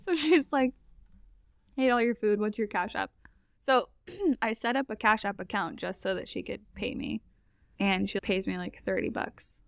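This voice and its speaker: A woman telling a personal story as a podcast guest, chatty and animated and laughing often. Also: fairly high pitch, moderate pace, no room sound, studio quality. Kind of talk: casual storytelling.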